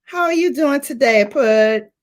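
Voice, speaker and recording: A woman's voice: high-pitched, animated, measured pace. A woman hosting a beauty livestream, chatting playfully and greeting viewers by name. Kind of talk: casual livestream chat.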